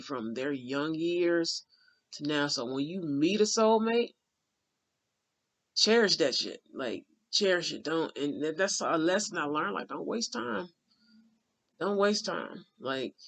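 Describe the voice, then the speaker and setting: A spiritual channeler with a slightly high, expressive, fairly bright voice speaks a little slowly as he tells a heartfelt spiritual story. It's casual vlog talk that rambles, with many restarts and drawled folksy asides such as "honey" and "child."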